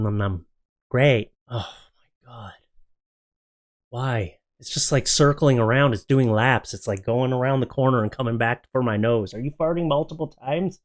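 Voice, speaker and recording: A man in casual comedic commentary, joking and chatty as he reacts to tattoo photos and talks to his dog in his office. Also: medium pitch. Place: home office.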